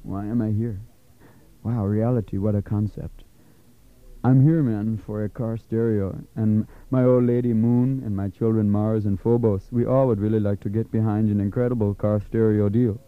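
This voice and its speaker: A man voicing a stoned hippie customer who talks in slow, dreamy slang, on tinny lo-fi tape. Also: on the low side, fairly even intonation, clear, resonant tone, natural voice. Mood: spaced out.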